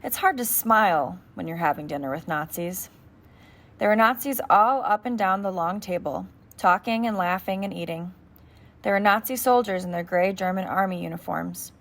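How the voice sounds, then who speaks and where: A woman's voice: mid-range voice, moderate pace, a bit bright. A woman narrating an audiobook steadily in the first person as a boy.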